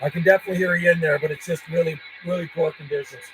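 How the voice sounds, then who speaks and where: A man from Canada chatting and calling stations live from his home radio room as a ham radio operator, friendly and relaxed. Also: on the high side, racing, background noise.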